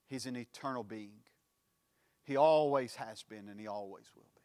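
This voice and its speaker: A male pastor preaching a sermon, with a preaching cadence that swells into sudden loud emphatic lines. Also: mid-range voice, moderate pace, pauses often, long reverb tail.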